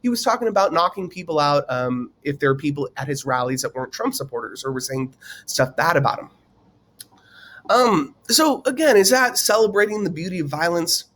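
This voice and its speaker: A man's voice: on the high side, very animated, a little fast, fairly bright tone. A man teaching in a casual, conversational way, with many fillers and questions put to the viewer. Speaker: teacher explaining a political topic. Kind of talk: casual explainer lecture.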